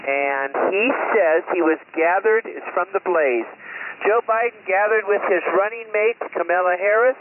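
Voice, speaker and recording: Man, ham radio net control, high voice, narrow radio audio, mocking asides. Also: normal speed. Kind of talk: amateur radio net, reading news aloud. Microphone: radio transceiver mic. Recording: tinny two-way radio audio with noise.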